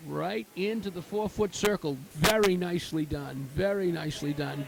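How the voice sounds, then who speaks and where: A man's voice: high-pitched, moderate pace, gravelly, hardly any pauses, low-quality recording. A man giving live curling commentary, explaining the game with many fillers and cheering good shots. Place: curling rink with crowd. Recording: crowd noise in an ice rink.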